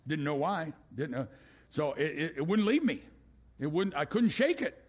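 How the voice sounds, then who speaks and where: An older man preaching a sermon as a pastor, swinging from loud exclamations down to a hushed voice. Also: on the high side, big pitch swings, moderate pace, breathy edge. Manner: rising to loud exclamations, then dropping to a hush.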